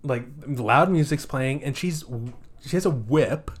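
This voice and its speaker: A man co-hosting a casual movie review podcast, retelling scenes in an animated way and acting out quotes. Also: on the high side, unhurried. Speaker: podcast co-host.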